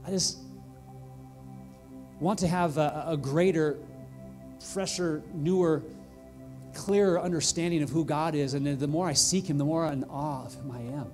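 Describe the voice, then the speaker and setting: A male pastor preaching a sermon in a church, earnest and heartfelt, building to excited emphasis. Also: on the high side. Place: church sanctuary.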